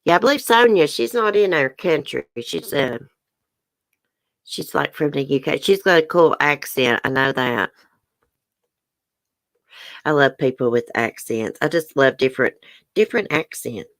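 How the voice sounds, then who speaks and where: A woman's voice: sits low, expressive, measured pace, pauses often, no echo. A middle-aged woman with a Southern US accent, hosting a casual livestream, chatty and laughing often as she talks to viewers. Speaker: livestream host. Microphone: webcam or phone close up.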